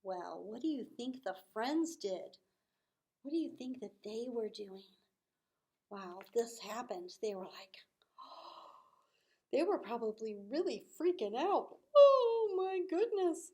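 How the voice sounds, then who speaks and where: A woman teaching children, telling a story with lively acted-out voices and hushed asides. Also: on the high side, slow pace, pauses often. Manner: animated, acts out voices with big swells.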